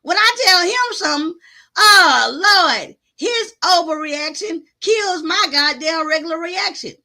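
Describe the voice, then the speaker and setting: A woman hosting a casual livestream from her home on her phone, telling a story to her chat in an animated, loud and profane way. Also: very high voice, a little slow. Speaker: livestream host.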